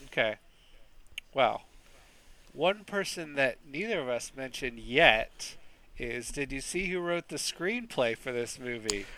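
A man with a bright, forceful voice who talks slowly as he recaps a film plot. He rambles and restarts his sentences often, in a casual podcast manner. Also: medium pitch, lively intonation. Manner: slow, rambling, many restarts. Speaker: podcast co-host.

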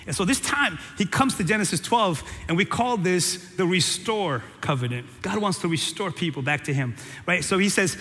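A man preaching in a church with a high, bright voice that rings with the long reverb of a large hall. He preaches in an animated, jokey way, teasing his congregation and repeating lines for emphasis. The sound is that of a sermon captured in a big sanctuary. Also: moderate pace. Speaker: pastor.

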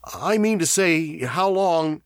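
A man's voice: fairly high pitch, huge pitch swings, a little slow, breathy edge, no echo, clean studio sound, pitched above the performer's own voice, heavily acted. A man voicing a nervous, kindly crewman who talks hesitantly and coaxingly. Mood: fretful.

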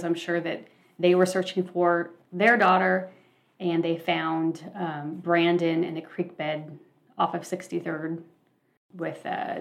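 A woman hosting a true-crime podcast, recapping events casually with frequent fillers. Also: on the low side. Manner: relaxed, filler-heavy retelling. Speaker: podcast host.

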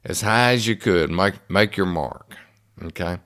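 Low, gravelly man telling a story. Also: fairly bright tone. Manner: folksy, homespun, unhurried. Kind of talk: storytelling talk.

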